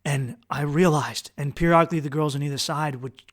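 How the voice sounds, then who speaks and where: A man with a slightly high voice tells a personal story on his podcast. He is intense and profane, and his delivery swings from loud bursts to near-hushed lines. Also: fairly even intonation, fairly quick. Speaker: podcast host.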